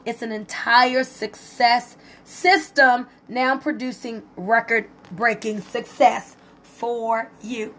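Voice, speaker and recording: A woman hosting a casual live stream, excited and emotional as she talks to viewers and reads their comments aloud. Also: on the high side, takes it slowly. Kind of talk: casual Facebook Live testimony.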